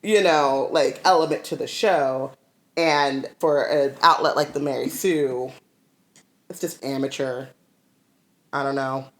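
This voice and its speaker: A woman co-hosting a casual podcast recap, animated and full of fillers. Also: extremely low pitch, a little slow. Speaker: podcast co-host.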